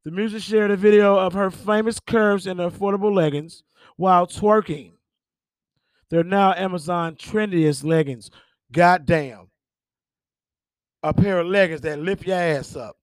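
A man's voice: high-pitched, a little slow, no echo, clean studio sound. A man hosting a podcast, reading celebrity headlines and reacting with profane exclamations and laughter. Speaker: podcast host. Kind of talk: casual celebrity gossip commentary.

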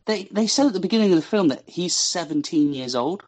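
A man co-hosting a podcast, chatting about a film with wry questions and deadpan asides. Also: high voice, fast. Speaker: podcast co-host. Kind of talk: casual film recap chat.

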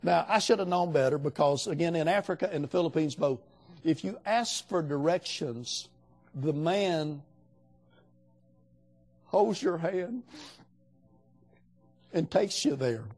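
A man's voice: fairly high pitch, lively intonation, measured pace, pauses often, darkish tone, soft background music. An older man preaching a sermon in a folksy, storytelling way, acting out the voices of the people he quotes.

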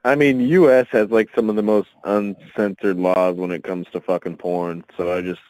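Incredulous, profane low-voiced man. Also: steady tone, moderate pace, darkish tone, no room sound, rough recording. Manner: incredulous, profane, laughs often. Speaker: podcast co-host. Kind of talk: casual banter.

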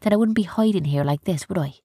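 A woman voicing a cautious older male pirate captain who gives hushed, commanding orders. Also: fairly low pitch, quick pace, breathy edge, dry recording, studio quality.

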